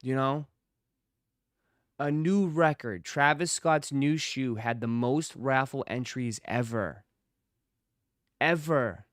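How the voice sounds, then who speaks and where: A man's voice: mid-range voice, slow, pauses often, no echo, studio quality. A man hosting a casual livestream, talking straight to his chat viewers and repeating phrases for emphasis. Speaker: livestream host.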